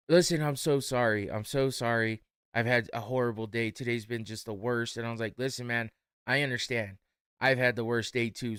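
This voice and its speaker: A tired young man casually telling a story as a podcast host, animated and laughing as he acts out both sides of the exchange. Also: medium pitch, clear, resonant tone, no echo, clean studio sound.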